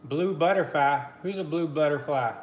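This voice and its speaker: A man's voice: a little high, moderate pace, echoey room. A man hosting a casual live stream, chatty and greeting his viewers by name between easy laughs. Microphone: computer mic on a live stream.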